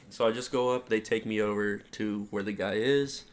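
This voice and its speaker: Young male co-host, low-ish voice, casual chatty storyteller who acts out his quotes. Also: normal speed. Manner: animated retelling, heavy use of "like", acts out quotes. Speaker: podcast co-host.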